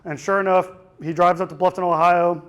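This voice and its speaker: A man's voice: high-pitched, fairly even intonation, brisk, a bit bright, smooth. A young man giving a keynote speech, telling a personal story in a raw, emotional way with frequent restarts. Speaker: keynote speaker. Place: conference hall.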